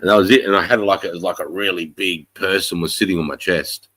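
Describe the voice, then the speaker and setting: Aussie bloke with a head cold, really low voice, dry close sound, laid back and sweary. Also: male voice, steady tone, fast, sharp tone, no room sound, poor audio. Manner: swears a lot, laid-back, clears throat often. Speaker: livestream host. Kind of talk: casual chat.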